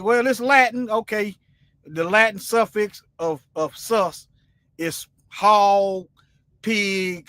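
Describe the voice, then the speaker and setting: High, bright-voiced man preaching emphatically. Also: dry recording. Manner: colloquial, rambling, emphatic preaching. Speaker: livestream Bible teacher. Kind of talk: informal livestream Bible teaching.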